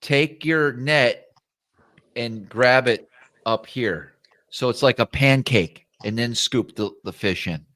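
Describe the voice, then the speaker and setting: A man's voice: mid-range voice, slow, a bit bright, no echo. A man who works as a fishing guide, chatting and joking on a live show and asking viewers for ideas. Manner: laid-back, joking, asks the audience. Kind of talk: casual live show chat.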